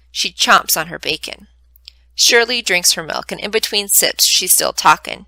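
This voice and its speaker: A woman librarian reading a novel aloud, with clear, expressive storytelling. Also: lowish voice, a little slow, dry recording, rough recording.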